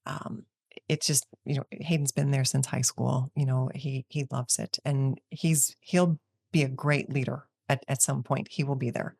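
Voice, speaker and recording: Gravelly-voiced older woman, chatty business owner. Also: rumbling low, steady tone, normal speed, a little mellow, no echo, clean studio sound. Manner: chatty, many fillers and restarts. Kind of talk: casual interview conversation.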